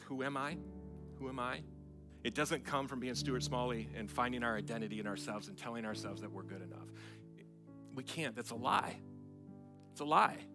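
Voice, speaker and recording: A male pastor preaching in a church sanctuary, conversational and quick with joking asides. His voice sits at a middle pitch, and soft guitar plays behind him. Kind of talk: sermon.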